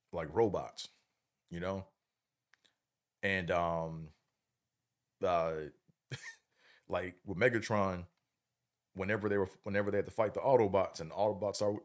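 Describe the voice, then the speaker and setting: A middle-aged man with a very low voice talks loosely on his livestream. His delivery is relaxed and slangy, and he rambles from point to point. He keeps turning to the audience to check they're following. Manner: laid-back, rambling, slangy, checks in with the listener often. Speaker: livestream host. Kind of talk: casual livestream chat.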